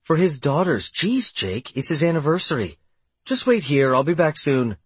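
A man's voice: fairly high pitch, sing-song, normal speed, slightly rough, no echo, pitched above the performer's own voice. A man narrating an audiobook voices a friendly, stubborn young woman who coaxes and insists. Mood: coaxing. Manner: coaxing, insistent.

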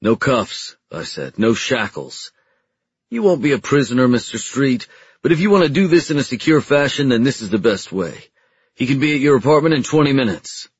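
A man with a husky voice voicing a stern, powerful federal agency chief in an audiobook who talks in a cold, cutting way. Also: medium pitch, very animated, normal speed, dry recording, muffled recording.

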